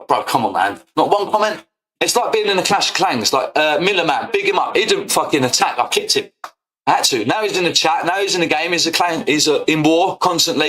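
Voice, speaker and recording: A young man rants at his stream audience, combative and full of swearing. His voice sits a bit high and sounds bright and forceful as he keeps hammering the same points. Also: poor audio. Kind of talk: heated casual rant.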